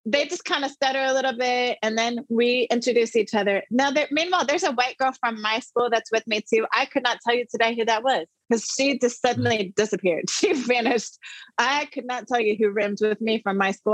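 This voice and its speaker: A middle-aged woman, an interview guest, telling a personal story with animated emphasis. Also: on the high side, brisk, no room sound. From the Netherlands.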